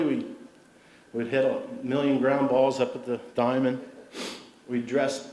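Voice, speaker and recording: A middle-aged man tells anecdotes from the podium at a sports awards dinner, his voice at an ordinary pitch. The sound is roomy, with the echo of a large civic hall. A faint murmur of room noise runs underneath. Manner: warm anecdotal storytelling with humor. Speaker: award inductee giving a speech. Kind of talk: storytelling acceptance speech.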